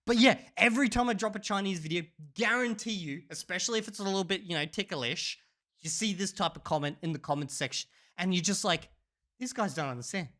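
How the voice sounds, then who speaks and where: A man telling a story in a casual vlog, animated and profane, often breaking into laughter. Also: high voice, fast. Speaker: channel host.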